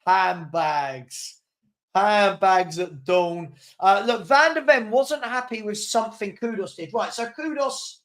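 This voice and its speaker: A man with a notably high speaking voice hosts a live football watchalong. He talks casually and animatedly, reacting to the match and answering viewers' comments with frequent chuckles. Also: takes it slowly, fairly bright tone. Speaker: host of a football fan watchalong.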